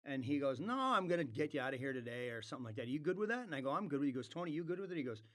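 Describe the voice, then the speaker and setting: A man's voice: medium pitch, racing. A man telling a long story as a podcast guest, acting out the dialogue of others and swearing freely. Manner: animated, acts out quoted dialogue, swears freely. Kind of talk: casual storytelling.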